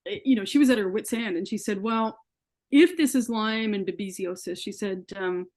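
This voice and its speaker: A woman's voice: medium pitch, moderate pace, darkish tone. Earnest woman telling her story. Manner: earnest storytelling, acts out quoted dialogue. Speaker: interview guest. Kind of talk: personal story in an interview.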